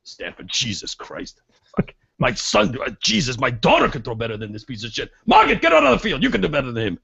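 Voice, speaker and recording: A man putting on the voice of a foul-mouthed, angry middle-aged football fan who yells and curses at the TV. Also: mid-range voice, huge pitch swings, fast talker, vocal fry, husky, muffled recording, heavily acted. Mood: ranting. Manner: shouting, cursing at the TV.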